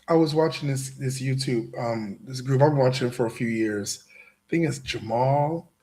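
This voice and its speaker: A show host gives a motivational talk to a live audience in a dark-toned, mid-range voice at normal speed. He is emphatic and repetitive, constantly tossing "right?" back at the crowd.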